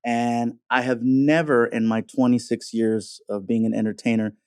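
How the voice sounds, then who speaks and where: Lively man telling stories in a dry studio. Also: medium pitch, moderate pace, clear, resonant tone, no room sound. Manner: animated storyteller who acts out other people's voices. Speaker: guest comedian. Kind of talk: casual storytelling chat. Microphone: studio mic.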